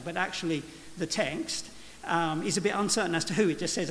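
A gravelly, a bit bright, high male voice speaks animatedly at normal speed during a church sermon. His delivery is reflective, with many restarts and "you know." The recording has a reverberant hall sound and slight hiss.

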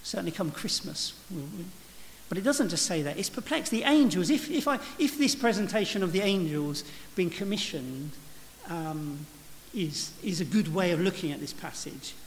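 Guy preaching in church, thinks out loud and restarts a lot, kinda gravelly, big echoey hall. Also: sits high, lively intonation, moderate pace. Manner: reflective, with frequent restarts and "you know". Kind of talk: sermon. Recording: reverberant church hall with faint hiss.

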